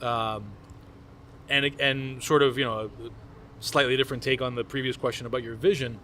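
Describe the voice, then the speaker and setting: A man's voice: mid-range voice, steady tone, normal speed, sharp tone, slight background noise. A man interviewing a guest, asking long, hedged, rambling questions. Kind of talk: conversational interview.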